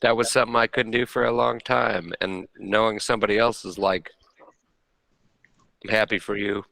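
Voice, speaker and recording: A man's voice: fairly low pitch, little pitch movement, brisk, creaky, bright, forceful tone, rough recording. A man hosting a podcast, talking bluntly and casually and swearing freely. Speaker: podcast host. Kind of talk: candid personal conversation.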